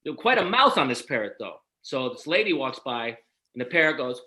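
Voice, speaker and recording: A man co-hosting a comedy chat, telling jokes and doing quick impressions in a loose, animated way. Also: mid-range voice, rough recording. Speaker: comedian and co-host.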